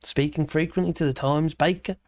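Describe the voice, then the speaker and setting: A woman's voice: low voice, fairly even intonation, a little fast, darkish tone, no room sound. Woman reading out an article and taking the mick, lots of uhs, dry close sound. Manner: sarcastic, mocking asides between read passages; rambling with many fillers and hesitations. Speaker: livestream host. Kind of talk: reading a news article aloud with commentary.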